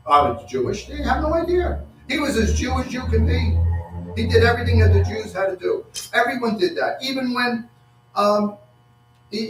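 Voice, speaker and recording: A man preaching a sermon, halting and repeating words, acting out quotes with rising excitement. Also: very high voice. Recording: echoey room from far off with faint hum.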